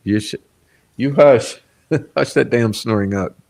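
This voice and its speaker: A laid-back man with a fairly low voice hosts a casual livestream and reads viewer comments aloud. He rambles along with plenty of fillers and chuckles often. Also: normal speed, vocal fry, a little mellow. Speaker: livestream host.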